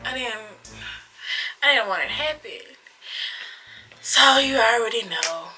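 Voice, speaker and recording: Very bright-voiced young woman telling a story. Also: a little high, lively intonation, a little slow, slight background noise, low-quality recording. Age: young adult. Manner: dramatic retelling with slang and sound effects. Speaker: vlogger. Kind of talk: storytime vlog. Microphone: phone camera.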